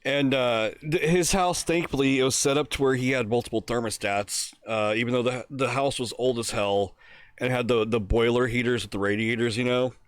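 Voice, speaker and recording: A man's voice: medium pitch, steady tone, brisk, clean tone, no room sound. A man from Pennsylvania telling a profane prank story on a casual podcast, laughing as he goes. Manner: profane, laughs through his own story. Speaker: podcast co-host.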